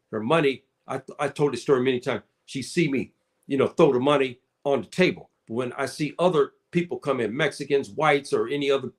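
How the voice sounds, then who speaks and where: A man giving casual spoken commentary, addressing listeners as brother and sister and often repeating his words. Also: medium pitch.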